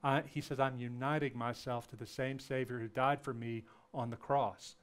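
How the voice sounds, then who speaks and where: A man giving a public lecture, telling a personal story in an earnest way and acting out bits of dialogue with lively jumps in pitch. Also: moderate pace. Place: lecture event before an audience.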